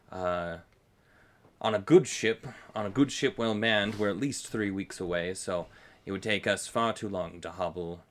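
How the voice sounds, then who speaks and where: A man's voice: lowish voice, close to an everyday voice. A man doing a stiff, wary ship captain. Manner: stiff, formal, hesitant. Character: wary middle-aged male ship captain, formal.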